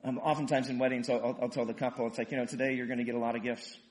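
A man preaching a sermon in a conversational way, with fillers and restarts, building to loud emphatic runs and dropping soft at the ends of lines. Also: mid-range voice, little pitch movement, racing. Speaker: pastor.

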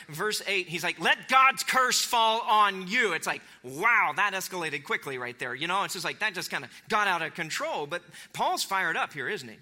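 A man preaching a sermon, animated, acting out quotes with big jumps in pitch. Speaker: pastor.

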